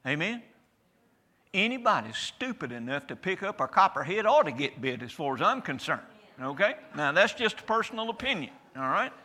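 A man's voice: high-pitched, sing-song, a little fast, bright, forceful tone. A man preaching a sermon to a church congregation in a folksy, emphatic way, often asking for an amen.

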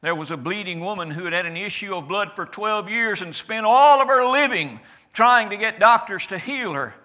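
A man preaching in the first person as Jesus, a calm and certain adult man, with a declamatory delivery whose loudness rises and falls. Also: high-pitched, moderate pace. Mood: solemn. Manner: declamatory, rising and falling loudness. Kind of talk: first-person sermon monologue.

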